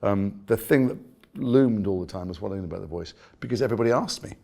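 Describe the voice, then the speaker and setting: A British actor telling stories in an interview, animated and self-mocking. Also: male voice, fairly low pitch, quick pace, creaky. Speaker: actor guest. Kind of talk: conversational interview.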